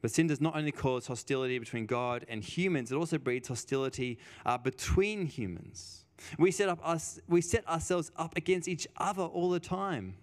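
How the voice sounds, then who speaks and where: A man preaching a sermon in a conversational way, stressing points by repeating phrases and telling personal stories. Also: fairly high pitch. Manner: emphatic, repeats phrases for weight.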